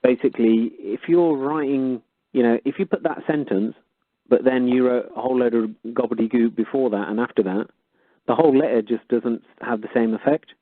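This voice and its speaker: A man's voice: mid-range voice, fairly quick, no room sound. A man co-hosting a call-in radio show, explaining things in a loose, rambling way. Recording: tinny phone-line sound, dry.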